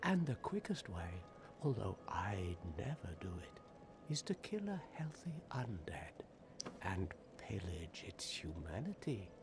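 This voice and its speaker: Gloomy undead warrior, video game dialogue, slow, sardonic, depressing monotone, noisy game audio. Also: male voice, lowish voice, full character voice. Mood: weary, sardonic. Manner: cynical, world-weary, mocking. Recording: game audio with steady background noise.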